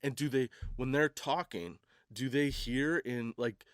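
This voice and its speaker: A man hosts a comedy podcast, meandering through a casual monologue full of laughs and restarts. His voice is medium-pitched and unhurried, recorded at studio quality without echo.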